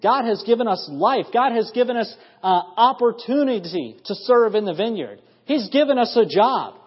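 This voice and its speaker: A man in his thirties from the United States preaches an evening church sermon in a very high-pitched, expressive voice with a breathy edge and moderate pace. He is earnest, rising to emphatic bursts of praise. The dull lo-fi audio echoes through a reverberant church sanctuary.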